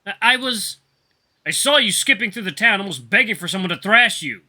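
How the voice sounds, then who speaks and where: A man doing a shrill, stammering young woman. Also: lively intonation, brisk, sharp tone, exaggerated voice. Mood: stammering scared.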